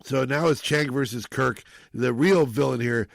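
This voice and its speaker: Gravelly man rambling about a film. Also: medium pitch, normal speed, no echo. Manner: rambling, animated retelling with quoted lines. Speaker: podcast host. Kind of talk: casual film discussion.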